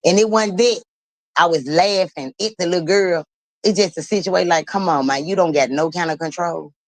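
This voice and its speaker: A woman's voice: lowish voice, moderate pace, dry recording, rough recording. Blunt, profane woman telling a story. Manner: animated, blunt and profane, laughing through the story. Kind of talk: casual storytelling.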